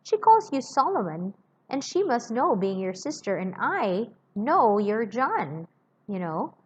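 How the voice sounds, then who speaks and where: A woman reading aloud as a blunt, plain-spoken working man with rough grammar, on a slightly muffled lo-fi recording. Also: on the high side, big pitch swings, slow, heavily acted. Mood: prying.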